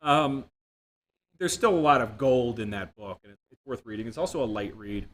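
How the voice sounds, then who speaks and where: A man giving a software development talk, telling self-deprecating stories with jokes. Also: medium pitch, normal speed. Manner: self-deprecating, jokey storytelling. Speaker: conference speaker. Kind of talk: tech talk with anecdotes. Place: room without a live audience.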